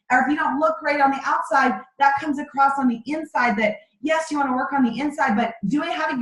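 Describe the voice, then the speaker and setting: Emphatic high-voiced woman coaching her team. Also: a bit bright, reverberant, rough recording. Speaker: sales team leader. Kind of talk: motivational team training on a video call. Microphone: video call microphone.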